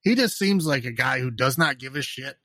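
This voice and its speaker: Lively, bright-voiced man with a dry sound. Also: medium pitch, moderate pace, no echo. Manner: animated, sarcastic, lots of fillers and laughs. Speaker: podcast co-host. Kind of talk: casual horror movie chat.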